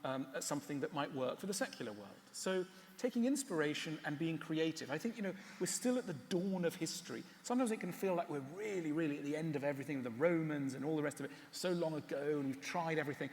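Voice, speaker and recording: Man on stage, wry, animated, slightly high voice, long hall reverb, faint ambience. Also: fast talker, slight background noise. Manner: wry, animated, with hesitant fillers. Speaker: speaker. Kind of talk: talk and Q&A answers. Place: large hall.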